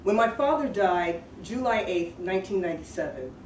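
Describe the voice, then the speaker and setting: A woman's voice: mid-range voice, expressive, moderate pace, darkish tone. A woman telling a personal story in a chatty, digressive way, laughing at herself as she goes. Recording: roomy sound from a distant mic with faint background noise.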